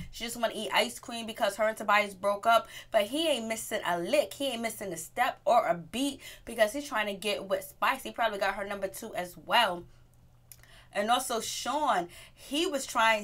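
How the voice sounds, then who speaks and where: A woman's voice: mid-range voice, a bit bright. A woman casually recapping a reality TV episode for her viewers, chatty and circling back with "so anyways". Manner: greets viewers as "my peeps". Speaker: TV show reviewer.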